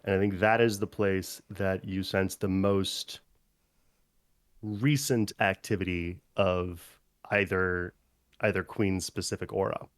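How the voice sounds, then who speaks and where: A man's voice: sits low, level tone, takes it slowly, dry recording, studio quality. A man narrating as game master, rambling casually with fillers.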